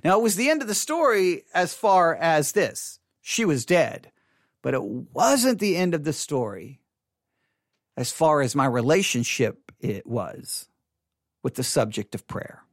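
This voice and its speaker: A man giving an earnest personal testimony to an audience, repeating words and swinging between quiet and emphatic delivery. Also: a little high, big pitch swings, unhurried, no echo, studio quality. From Texas. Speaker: speaker addressing an audience.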